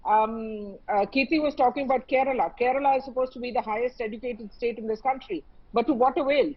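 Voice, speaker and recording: A woman with an Indian English accent argues emphatically on a televised panel, pausing on fillers. Her voice sits high and husky. The broadcast audio comes through slightly muffled. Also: fairly even intonation. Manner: impassioned, emphatic, with many fillers. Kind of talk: televised debate.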